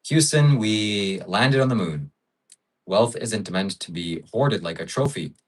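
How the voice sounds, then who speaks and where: A man hosting a casual livestream rambles along in a lowish voice, with frequent fillers as he muses. He sits a little way back from the mic. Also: lively intonation, a little slow, distant mic, rough recording. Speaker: livestream host.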